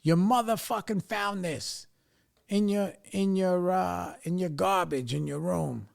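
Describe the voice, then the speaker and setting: A man's voice: high-pitched, unhurried, creaky, pitched above the performer's own voice, exaggerated voice. A man voicing his angry middle-aged father, who scolds his son with a harsh, swearing lecture.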